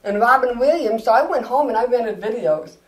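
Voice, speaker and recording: A woman comedian answering interview questions with lively stories, acting out the voices of people she quotes. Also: fairly high pitch, fairly quick, low-quality recording. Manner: animated, acts out quoted voices. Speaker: comedian, guest.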